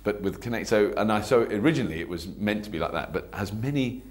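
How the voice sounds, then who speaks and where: A man with a low voice tells anecdotes quickly and chattily. He pokes fun at himself and talks in an easy interview style. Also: animated, darkish tone. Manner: chatty, self-mocking, laughs while telling stories. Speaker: actor being interviewed.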